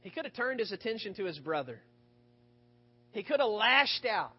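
Guy preaching a sermon, lots of rhetorical questions, high voice, kinda muffled lo-fi. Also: normal speed, slightly rough. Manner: expressive storytelling, rhetorical questions. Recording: dull lo-fi recording.

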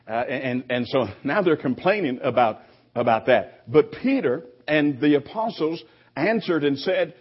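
A man preaching a sermon to his congregation, conversational, with frequent restarts and lively quoted voices. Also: a little high, a little slow, husky. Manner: conversational preaching with repeated restarts, animated quoting. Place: church sanctuary. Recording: dull lo-fi recording.

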